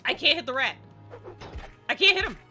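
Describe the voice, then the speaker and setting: A woman's voice: high voice, expressive, normal speed, pushed and bright, soft background music. A woman livestreaming a game at home, chatty and self-deprecating in casual gameplay commentary.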